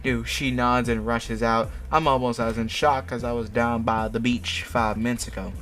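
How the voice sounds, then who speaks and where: A man's voice: mid-range voice, flat delivery, normal speed, a bit bright, soft background music. A man hosting, reading fanfiction aloud with mocking asides, laughing often and tripping over his words. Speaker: host.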